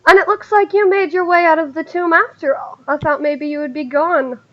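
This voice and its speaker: A woman's voice: very high voice, steady tone, fairly quick, muffled recording, voice pushed up. A woman voicing a cool, mocking noblewoman who taunts others in a dry way.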